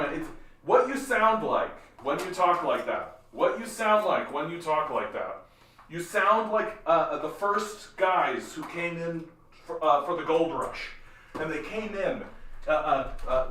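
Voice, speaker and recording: A man's voice: on the high side, expressive, unhurried, pushed and bright, a little hiss or hum. A man hosting a political livestream. He talks in a heated, profane way, repeats himself and stumbles over restarts. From Canada. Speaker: livestream host.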